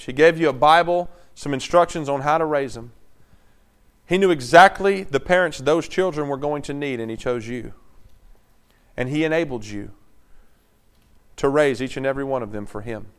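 Preacher with a smooth, clear voice. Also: male voice, on the high side. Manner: conversational, checks in with the crowd often. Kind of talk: sermon.

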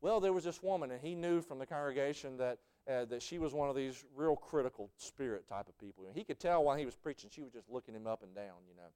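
A man preaching a folksy sermon, telling stories and rising to shouted fervor. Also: mid-range voice, quick pace, few pauses, clear, resonant tone.

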